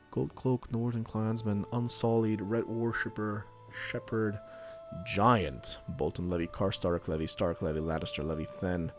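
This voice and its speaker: A man giving casual let's play commentary, chatty and thinking aloud while he plays. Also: fairly low pitch. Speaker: gaming youtuber.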